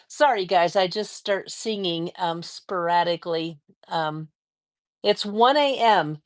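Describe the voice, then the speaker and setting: An unhurried woman hosts a casual livestream from her home quilting studio. She chats along at a medium pitch, greets each viewer by name and sometimes sings out a greeting. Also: animated. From American Mountain West. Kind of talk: casual live-stream chat greeting viewers.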